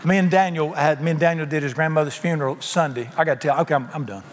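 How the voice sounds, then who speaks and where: A man preaching a sermon, telling a folksy, animated story full of sudden jumps in pitch. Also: fast. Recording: reverberant hall with faint ambience.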